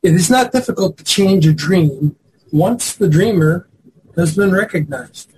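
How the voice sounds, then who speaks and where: A man reading a spiritual text aloud to a class, calm and measured. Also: high voice, slightly rough, poor audio. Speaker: class reader.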